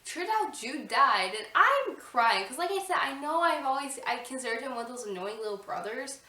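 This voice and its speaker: A woman chatting casually about a book she loved, retelling the plot excitedly with lots of "I'm like" asides. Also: high-pitched, normal speed. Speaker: book reviewer. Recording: roomy echo, distant mic.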